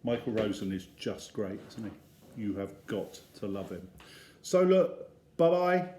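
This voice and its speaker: A man, a teacher, reading a children's story aloud in an expressive storytelling manner. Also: lowish voice, a little slow, slight background noise. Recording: roomy echo.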